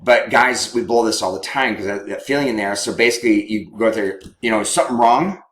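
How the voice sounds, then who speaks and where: A man's voice: fairly low pitch, fairly even intonation, fairly quick, fairly bright tone. Man teaching in a roomy, echoey space. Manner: conversational, often checks in with "right?". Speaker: counselor. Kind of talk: teaching talk on couples communication. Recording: roomy echo.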